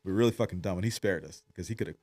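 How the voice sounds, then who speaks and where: Man, middle-aged, rapid storytelling, swears a lot, casual podcast chat. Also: deep voice. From Detroit, Michigan. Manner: profane, animated storyteller. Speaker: podcast guest, jiu-jitsu coach.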